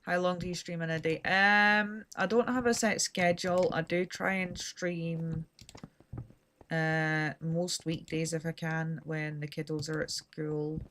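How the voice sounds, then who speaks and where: A woman's voice: deep voice, flat delivery, measured pace, a bit bright, slight background noise. A Scottish woman from Scotland, chatting casually and rambling with dry humor while she streams a game. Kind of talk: casual chat while gaming.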